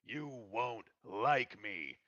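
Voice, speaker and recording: A man voicing a huge, bookish male ogre who speaks slowly and forcefully with a raised voice, in a tabletop game. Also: medium pitch, expressive, dull audio. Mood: stern warning.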